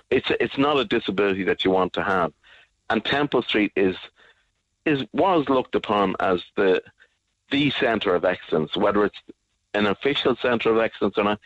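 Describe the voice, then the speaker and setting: A man with a very deep voice speaks on talk radio, angry and emphatic, repeating his points for force. The sound is dry and a little dull, like a lo-fi broadcast. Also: normal speed, no room sound. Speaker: guest advocate. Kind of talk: radio interview.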